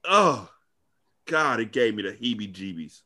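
Profane deep-voiced man recapping a movie. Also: very animated, measured pace, bright, forceful tone. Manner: profane, rambling, retelling scenes. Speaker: podcast host. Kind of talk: casual movie-review chat.

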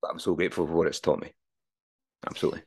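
A man's voice: extremely low pitch, steady tone, racing, gravelly, breathy edge. A man in his forties speaking as a podcast guest, earnest and reflective, swearing freely in candid conversation. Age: 40s.

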